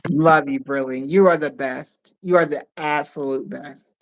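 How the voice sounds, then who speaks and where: A woman co-hosting a live stream in a casual chat, who speaks warmly and effusively and often repeats herself. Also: low-pitched, fairly even intonation, measured pace, slight background noise, poor audio.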